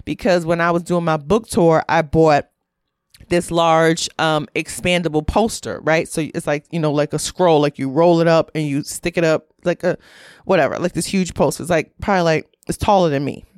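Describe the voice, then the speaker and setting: A woman's voice: low voice, fairly even intonation, normal speed, no room sound, studio quality. A woman telling a story in a casual monologue, candid and profane, full of "like" and asides. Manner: candid, profane, heavy use of "like".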